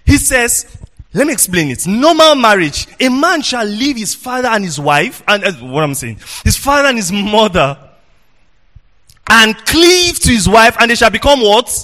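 High-voiced, animated preaching man. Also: moderate pace. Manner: animated preaching with sing-song delivery; asks the congregation questions. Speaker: pastor. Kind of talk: sermon.

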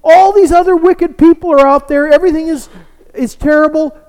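A pastor putting on a despairing, self-pitying prophet. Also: male voice, very high-pitched, fairly even intonation, a little fast, darkish tone, pitched above the performer's own voice. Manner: pleading, voice climbing as he complains.

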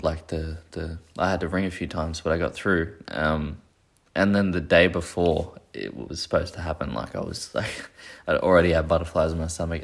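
Young man, very low voice, vocal fry, casual rambling, profane. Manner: rambling, profane, self-deprecating. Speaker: podcast host. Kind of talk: casual solo chat.

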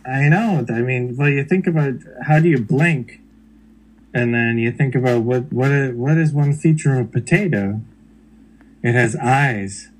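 A man's voice: medium pitch, a little slow, low-quality recording. A man hosting a podcast, chatting in a joking way with lots of stammering restarts. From United States. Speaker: podcast host. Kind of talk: casual comedic chat.

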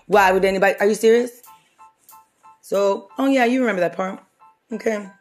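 A woman hosting a podcast, riffing in a casual comedic way, animated and jokey, often slipping into quick impressions. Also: mid-range voice, soft background music. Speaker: podcast host.

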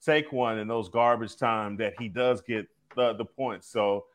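A man's voice: lowish voice, fairly even intonation, a little slow. Rambling man in sports chat. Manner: rambling, trails off and restarts.

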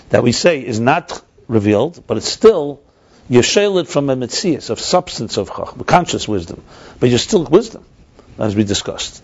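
A man's voice: on the low side, a little mellow. Man explaining a text, lo-fi. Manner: explains step by step, reads passages aloud and glosses them, repeats himself. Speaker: teacher of a text class. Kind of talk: text study lesson. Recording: dull lo-fi recording.

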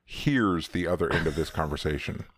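A man with a very low voice co-hosting a casual podcast, recorded dry and close to the mic. He tells stories in a relaxed, wry way, often restarting his sentences. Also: moderate pace, no room sound. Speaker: podcast co-host. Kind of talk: casual chat.

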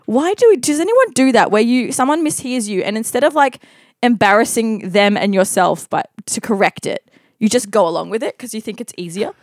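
A woman's voice: fairly high pitch, a little fast, dry recording, clean studio sound. A woman telling an awkward personal story with laughter, acting out the dialogue. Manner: animated, laughing, acts out dialogue. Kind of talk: casual storytelling.

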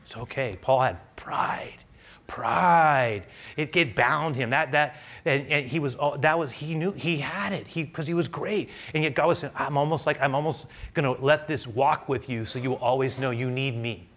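A bright, forceful man's voice delivers a conversational sermon. He tells stories with animated bursts, then drops low and quiet for prayer. He sounds like a middle-aged pastor. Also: normal speed, few pauses. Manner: conversational, animated storytelling with bursts of loud excitement.

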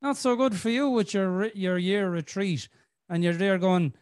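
A man's voice: high-pitched, moderate pace, a little mellow, smooth, no echo, studio quality. A middle-aged man, hosting a podcast as a rambling storyteller who swears freely. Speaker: podcast host. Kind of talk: casual chat.

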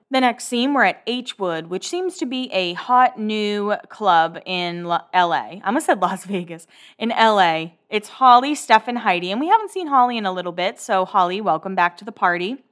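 A woman hosting a casual podcast, recapping a show in a rambling, chatty way with sarcastic asides and quick self-corrections. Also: medium pitch, a bit bright.

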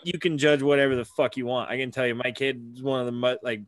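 Podcast host, male dad, mid-pitched, animated storyteller who curses freely, dry recording. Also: fast, no room sound. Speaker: father. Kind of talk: casual podcast chat.

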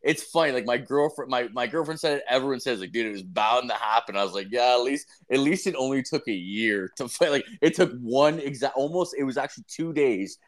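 A man's voice: mid-range voice, animated, brisk, hardly any pauses. A young man co-hosting a podcast, rambling and swearing constantly as he retells a story, jumping into a raised voice for the quotes. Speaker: podcast co-host. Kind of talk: casual profane chat.

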